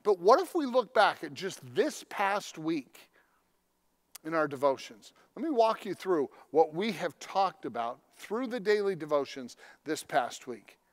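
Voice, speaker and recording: A man preaching a sermon with a slightly higher-than-usual voice. He talks like he's telling friends a story, easy and chatty. Then he punches key lines with sudden loud emphasis. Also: big pitch swings, a little slow. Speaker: pastor.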